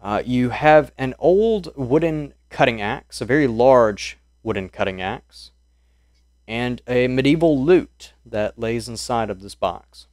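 A male game master narrating a tabletop horror game in a mid-pitched voice, loosely describing scenes and pausing often for ums and uhs. The recording is dry and close. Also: animated, darkish tone, no echo.

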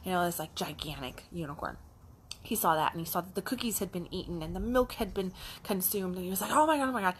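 Middle-aged woman, kinda low voice, chatty animated story, bit of hiss behind. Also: fast talker. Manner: animated, acts out a child's voice and her own in quotes. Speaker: life coach. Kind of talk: casual storytelling vlog.

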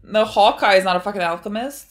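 A young woman hosting an anime reaction, chatting casually, excitable and swearing a lot. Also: medium pitch, fast talker. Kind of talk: casual chat.

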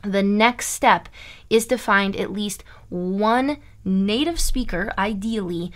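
A woman's voice: medium pitch, takes it slowly. A woman from Iowa, teaching German online in an emphatic, chatty way that keeps checking in with "okay?". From Iowa, USA. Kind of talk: online language lesson.

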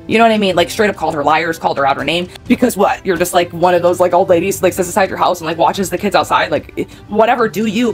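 A woman with a heated, rambling manner, full of "like" and swearing, casually telling a personal story to her viewers. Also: on the low side. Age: adult parent of a nine-year-old.

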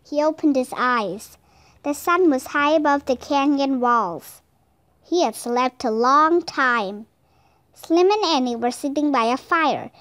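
A woman whose first language is Vietnamese, reading a children's audiobook aloud in a clear, expressive way. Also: high-pitched. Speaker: storybook reader.

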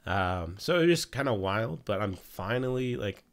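A man's voice: on the low side, lively intonation, normal speed. A young man hosting a casual weekly football news recap, swearing freely as he talks. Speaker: sports news host.

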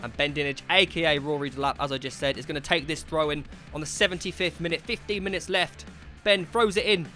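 A young man giving lively, chatty commentary on an amateur football match, shouting at the big moments. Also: fairly high pitch, quick pace, faint music behind.

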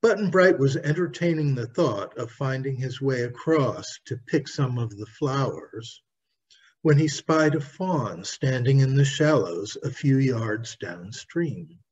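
Brief: male author narrating his own storybook, slow and husky, dull lo-fi recording. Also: medium pitch, lively intonation, darkish tone. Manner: slow, careful reading aloud.

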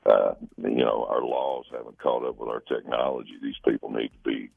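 Very deep gravelly man on a phone line. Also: steady tone, no echo. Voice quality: gravelly, husky. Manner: halting, restarts often. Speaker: guest musician. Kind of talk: casual on-air phone chat. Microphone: phone call.

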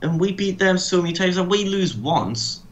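A man's voice: sits high, expressive, moderate pace, lo-fi sound, slight background noise, pitched above the performer's own voice. A man voicing a group of aggrieved male wrestlers who whine about being left out.

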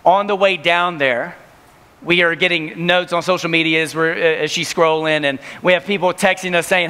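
A man in his thirties giving an energetic youth camp sermon, telling stories and acting out voices. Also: a little high, moderate pace. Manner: storytelling, acts out voices, laughing. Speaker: camp speaker. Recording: reverberant hall.

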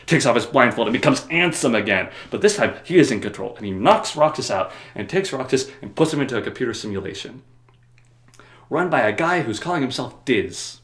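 A man's voice: medium pitch, expressive, a little fast, fairly bright tone, reverberant. A man summarizing a video game story for comedy, rambling with joking, sarcastic asides. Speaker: video host.

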